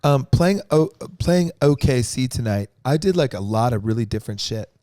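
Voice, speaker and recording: A man's voice: medium pitch, animated, normal speed, mellow, dry recording, studio quality. A man hosting a loose, profane post-show chat, joking and musing about touring. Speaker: band frontman and show host. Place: venue backstage room.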